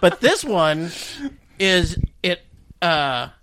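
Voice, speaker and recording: A man's voice: high voice, big pitch swings, very slow, fairly bright tone, no echo. A man co-hosting a comedy podcast, telling stories in a rambling, hesitant way. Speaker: podcast co-host. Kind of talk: casual comedy chat.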